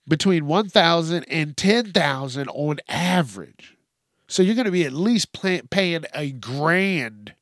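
A man with a slightly higher voice talks slowly and deliberately, hosting his own news podcast. He swears constantly, laughs at his own jokes and rants with animated disbelief. The sound is dry and close, with no room around it. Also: dry recording. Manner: profane, animated and laughing often. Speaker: podcast host. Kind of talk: casual solo news commentary.

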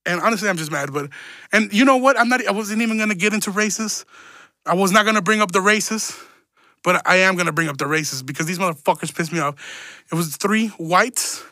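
High, bright-voiced rambling podcast guy. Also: fairly quick, no echo. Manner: rambling, profane, stumbling repeats. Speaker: podcast host. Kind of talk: casual solo podcast rant.

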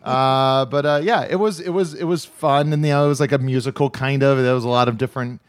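A man's voice: mid-range voice, fairly even intonation, quick pace, no echo, clean studio sound. Rambling male podcast host. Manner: rambling with many fillers and restarts. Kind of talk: casual chat.

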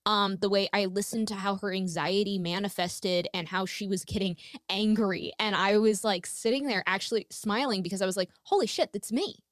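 A woman hosting a podcast in casual conversation, animated and blunt, swearing freely as she talks. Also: medium pitch, moderate pace, no echo, studio quality. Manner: animated, swears freely, jumps between thoughts. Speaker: podcast host.

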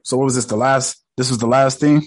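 A man retelling a show episode in loose, slangy talk full of swearing, getting excited as he goes. His voice sits at a middle pitch and is recorded close and dry, with no room sound. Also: fairly quick, no room sound. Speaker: show reactor. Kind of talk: casual episode recap.

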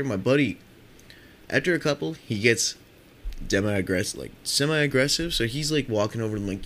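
A man's voice: mid-range voice, a little fast, a bit bright, slight background noise. A young man telling casual stories on his podcast in a rambling, profane way, filling his talk with "like". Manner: rambling and profane, heavy use of "like". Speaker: podcast storyteller.

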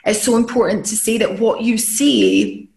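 A woman hosts a casual podcast chat, earnest and encouraging like a life coach. Her voice has a gravelly, fry-touched edge. It sits in a noticeably echoey room. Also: on the high side, moderate pace, darkish tone. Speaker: podcast host.

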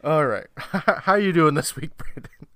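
A man's voice: fairly high pitch, unhurried, sharp tone, no room sound, studio quality. A man in his thirties hosting a casual podcast, laughing often as he chats over a call. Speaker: podcast host. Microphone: home mic on a Skype call.

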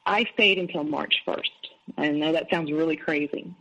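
Gravelly middle-aged woman telling her story. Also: low-pitched, moderate pace, fairly bright tone, lo-fi sound. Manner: candid, recounts events with quoted dialogue. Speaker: guest. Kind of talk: personal storytelling.

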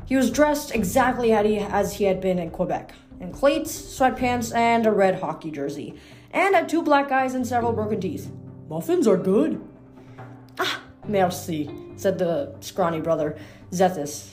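A woman's voice: medium pitch, a little mellow. Chatty woman reading a novel aloud. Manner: chatty, informal, stumbles over words. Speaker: book reader.

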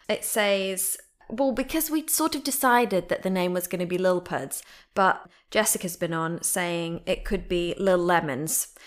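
A woman with a British accent hosting a podcast, reading listener emails aloud with bubbly, giggly asides. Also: medium pitch. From Britain. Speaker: podcast host. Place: at home.

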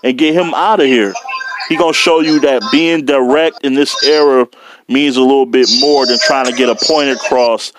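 A man's voice: mid-range voice, fairly even intonation, moderate pace, noisy background. A man giving confident predictions in casual podcast chat, dismissive of pushback. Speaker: podcast guest.

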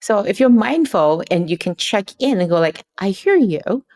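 Speaking at a moderate pace, this woman has a medium-pitched, darkish voice with lively intonation. As a guest in a conversational interview, she is earnest and performs the dialogue she quotes.

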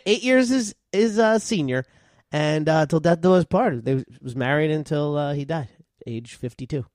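An easygoing man co-hosting a trivia podcast, casually asking questions and chuckling along. His voice sits a little higher than most men's. The sound is dry and close-miked. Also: animated, moderate pace, darkish tone, dry recording. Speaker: podcast co-host.

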